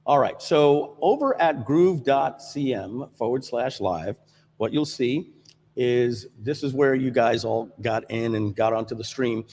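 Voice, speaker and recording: A man hosting a live software stream from a studio, talking casually with lots of fillers and restarts. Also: mid-range voice, a little slow, husky, long reverb tail. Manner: rambling with many fillers and restarts. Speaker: livestream host.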